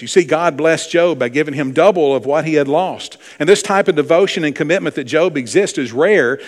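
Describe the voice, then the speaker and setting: A man preaching a sermon, reading scripture aloud, earnest and swelling in volume for emphasis. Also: mid-range voice. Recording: long hall reverb in a church.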